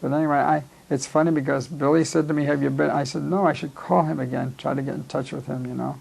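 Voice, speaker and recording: A veteran in his nineties tells his story in a rambling oral-history style. His voice is heavily gravelly and a touch high for a man. He keeps slipping into the voices of the people he quotes. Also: fairly even intonation, fast, darkish tone, poor audio. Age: 90s. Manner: rambling, acts out quoted dialogue. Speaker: war veteran.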